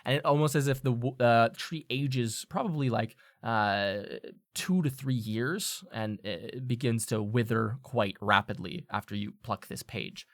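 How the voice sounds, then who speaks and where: A man's voice: medium pitch, measured pace, few pauses, no room sound. A man narrating as game master of a tabletop game, casual and loose with many fillers and restarts.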